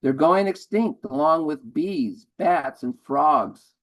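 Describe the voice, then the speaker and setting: An older man voicing a chatty Bermudian man in a post office line, raising his pitch for the quotes. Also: expressive, slow. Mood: telling joke.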